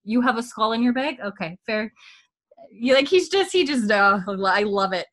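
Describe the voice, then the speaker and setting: A podcast co-host with a fairly bright, expressive voice on the high side speaks at a moderate pace. She retells scenes in casual recap chat, quoting characters, while staying chatty and giggly.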